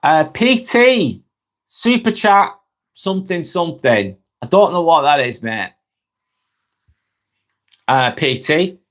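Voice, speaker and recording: Hosting a laid-back live stream, this Lancashire man with a Northern English accent from Northwest England reads out viewer comments and replies. His voice runs on the high side, slow with long pauses, often tripping over words as his phrases trail off softly.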